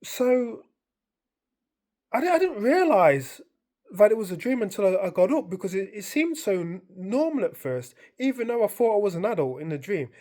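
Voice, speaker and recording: A woman's voice: mid-range voice, very animated, normal speed, warm tone. A woman, rambling through a casual story to camera, full of fillers and repeated phrases. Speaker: vlogger.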